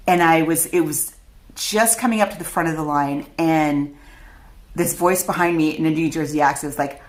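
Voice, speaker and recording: A middle-aged woman vlogger telling a personal story to camera, chatty and candid, often laughing at herself. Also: fairly low pitch.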